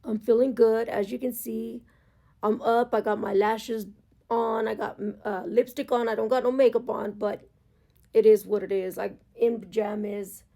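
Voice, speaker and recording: A woman's voice: mid-range voice, warm tone. A woman talking in a candid, emotional, rambling vlog monologue about her own life, recorded at home. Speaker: motorcycle vlogger.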